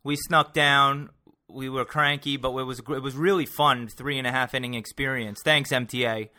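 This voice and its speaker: Bright-voiced rambling podcast host man. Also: mid-range voice, steady tone, normal speed. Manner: rambling, teasing, pushing for energy. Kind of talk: casual sports chat.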